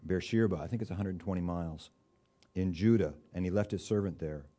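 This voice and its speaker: A man's voice: sits low, fairly quick, dark tone. A man preaching a sermon in a conversational, folksy way, with touches of humor and rising bursts of emphasis.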